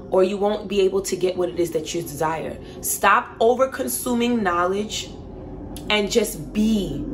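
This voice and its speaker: A woman's voice: mid-range voice, noisy background. A woman vlogger giving an emphatic, repetitive motivational talk to her viewers, casual and swearing now and then.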